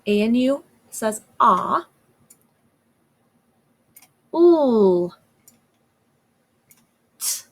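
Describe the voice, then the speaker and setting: A woman teaching first graders a phonics lesson, slowly and patiently sounding out each word. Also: on the high side, big pitch swings, low-quality recording. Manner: sounds out words slowly and clearly. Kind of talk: slow, patient phonics lesson for young children.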